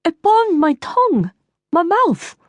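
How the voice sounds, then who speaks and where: A woman voicing an Irish Dublin mother whose tongue has gone numb and swollen, talking thickly and high. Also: very animated, slow pace, no echo, exaggerated voice. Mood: alarmed.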